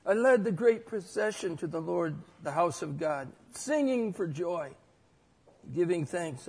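A man preaching a sermon and reading scripture aloud, swinging between loud declaring and quiet, reflective reading. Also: sits high, animated, a little slow, breathy edge. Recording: long hall reverb.

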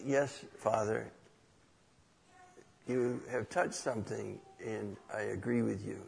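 Man, preacher, conversational sermon, rhetorical questions, husky, gravelly. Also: mid-range voice, big-room sound. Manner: rhetorical questions, storytelling, animated retelling.

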